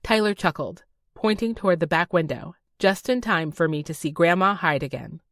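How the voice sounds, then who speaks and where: A woman narrating a first-person romance audiobook in a warm, dreamy, expressive manner, close on a studio mic. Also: fairly low pitch, normal speed, no echo.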